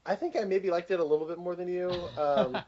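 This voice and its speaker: A man with a slightly higher-pitched voice co-hosts a casual movie review chat, blunt and a little dismissive, sprinkling "um" and "like" through his talk. The recording is dull and lo-fi. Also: fairly quick, darkish tone. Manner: blunt, dismissive opinions with many fillers. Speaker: podcast co-host. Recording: lo-fi, dull sound.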